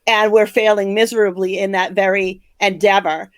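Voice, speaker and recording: An older woman from the United States, co-hosting a podcast, airs passionate opinions bluntly, angrily and emphatically. She speaks at a moderate pace in a medium-pitched, level tone, with no room sound.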